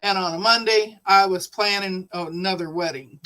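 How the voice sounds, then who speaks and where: A woman's voice: medium pitch, fairly even intonation, moderate pace, a bit bright, poor audio. A woman hosting a casual live stream, chatting and telling a personal story, laughing often. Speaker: livestream host.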